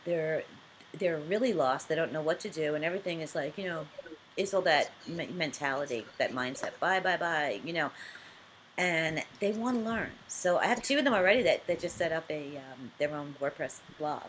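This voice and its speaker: A woman with a fairly low voice hosts a relaxed conversation over a video call. She talks in loose, rambling runs, often restarting and laughing as she goes. A faint hum of background noise sits behind her. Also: moderate pace. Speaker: host. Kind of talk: casual video-call chat.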